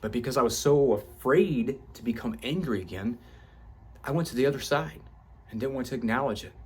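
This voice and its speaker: A husky-voiced man of middle age delivers an intense self-help talk straight to his listeners. He swears freely for emphasis and keeps a middling pitch. As the talk heats up, his voice climbs and gets louder and more urgent. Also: expressive, brisk. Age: 38 or older. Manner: intense, swears for emphasis, voice rising as he grows fervent. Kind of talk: passionate motivational monologue.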